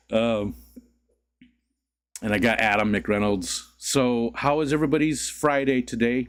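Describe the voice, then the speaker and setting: A man's voice: unhurried, long pauses. A man hosting a casual livestream, just woken up, chatting with viewers and greeting them by name. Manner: rambling, greets chat, sudden squeaky voice cracks and laughs. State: just woke up. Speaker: livestream host.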